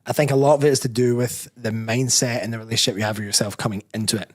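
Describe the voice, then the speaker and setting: Very fast and medium-pitched, this man from Scotland is a personal trainer and bodybuilder guesting on a casual interview. He speaks candidly, rambles, and keeps correcting himself mid-sentence.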